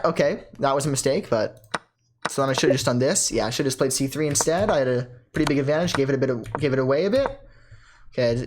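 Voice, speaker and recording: An excitable player talks through a chess game at home in a mid-pitched voice, jumping between excitement and puzzled muttering. They correct themselves mid-sentence and think out loud about every move. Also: background noise. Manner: excitable, thinks aloud with quick self-corrections. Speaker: chess player commenting on own games. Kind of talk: casual live chess commentary.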